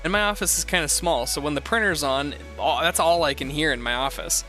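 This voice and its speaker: A man's voice: a little high, fairly quick, bright, forceful tone, faint music behind. A man hosting a show, reading posts aloud and giving rambling, profane, sarcastic commentary in a casual chat style. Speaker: host.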